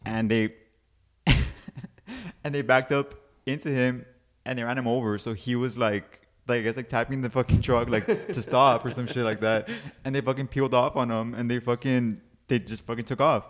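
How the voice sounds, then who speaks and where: A man telling a story in casual, profane chat, talking fast and sometimes mimicking a friend in a high voice. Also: steady tone. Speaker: podcast guest.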